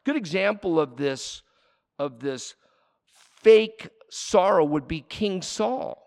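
Animated preacher in a reverberant hall. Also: male voice, high voice, slow pace. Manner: animated, shifts between loud emphasis and quiet asides. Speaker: pastor. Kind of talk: sermon.

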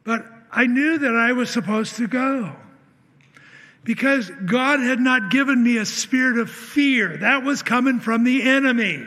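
Earnestly recounting a personal story from the pulpit, a man with a very high-pitched, sharp-toned voice performs the dialogue and keeps starting sentences over. The recording has long hall reverb.

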